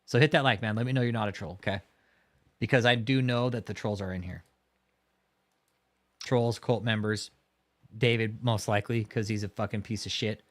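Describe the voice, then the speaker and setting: A man's voice: on the low side, fairly even intonation, moderate pace, pauses often. A man hosting a livestream, talking casually and heatedly, swearing often and mocking his target while reacting to chat. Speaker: livestream host.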